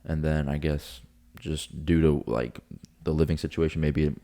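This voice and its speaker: Low-voiced young florida guy, podcast host, rambly storytelling with lots of swearing and restarts. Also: steady tone, measured pace, vocal fry, mellow. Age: young adult. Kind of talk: casual chat.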